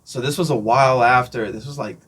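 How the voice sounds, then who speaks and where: A man being interviewed, telling a casual story, animated and acting out the voices of people he met, often laughing. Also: mid-range voice, a little fast, slight background noise. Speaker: interview guest, drummer.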